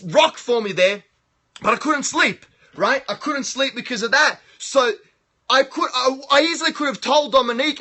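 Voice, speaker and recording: Hyped, profane Australian man, very high voice. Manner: loud, boastful, profane hype talk. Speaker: live streamer. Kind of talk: hyped live-stream monologue. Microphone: phone live stream.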